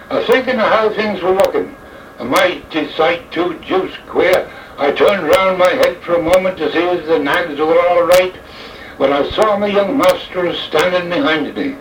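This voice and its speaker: A man giving a dramatic verse recitation in the voice of an old jockey, with a theatrical, slow and deliberate delivery, in an echoey, distant, dull old recording. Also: fairly high pitch, a little hiss or hum.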